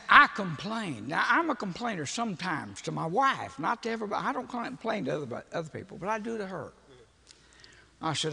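An older man, telling a humorous story in a folksy, animated sermon. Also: sits high, moderate pace, creaky, slightly rough. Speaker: preacher. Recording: long reverb of a large hall.

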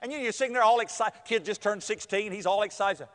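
A man's voice: sits high, quick pace, a little hiss or hum. A man preaching a storytelling sermon, acting out quotes and laughing as he goes. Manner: animated, acts out quotes with laughter. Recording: long hall reverb.

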